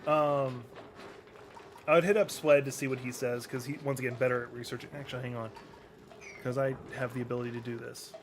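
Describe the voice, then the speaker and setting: A man's voice: mid-range voice, a little fast, noisy background. A man streaming a survival game, chatting casually with his viewers between moves. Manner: relaxed, talks to chat while playing. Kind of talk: casual chat while gaming.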